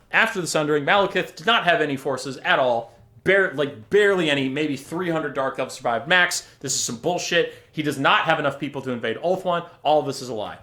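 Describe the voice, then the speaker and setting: A man's voice: fairly high pitch, bright, forceful tone, reverberant. A man hosting a game-lore video, ranting in exasperation and swearing freely. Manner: exasperated, profane, acts out characters' lines.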